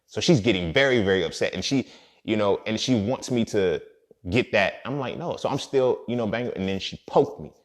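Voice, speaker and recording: A young podcast host with a fairly low voice talks in an animated, brisk casual monologue. His style is streetwise and profane, and he keeps asking "you feel me".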